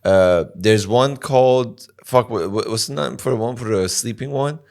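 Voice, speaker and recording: A man's voice: medium pitch, moderate pace, gravelly, a little mellow. A man co-hosting a podcast in casual chat, often laughing and swearing freely. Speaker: podcast co-host.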